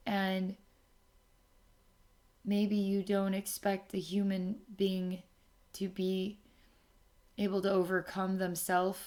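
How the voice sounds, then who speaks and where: A woman giving a channeled spiritual reading to someone, speaking softly and often checking in with "okay?". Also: medium pitch. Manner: slow, soft, repeats okay to check in. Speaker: spiritual intuitive reader.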